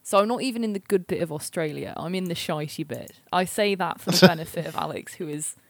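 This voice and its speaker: A woman's voice: on the low side, quick pace, vocal fry, no echo. A woman co-hosting a casual podcast over a remote call, cheeky and sweary, laughing as she talks. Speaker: podcast co-host. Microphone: remote internet call.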